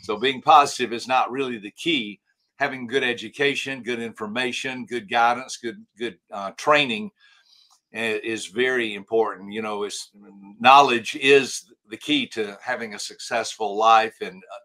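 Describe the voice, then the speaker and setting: Bright, animated older man telling a story. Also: on the low side. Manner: animated storyteller, acts out quoted dialogue, many restarts. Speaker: guest, author and trainer. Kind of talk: storytelling in a podcast interview.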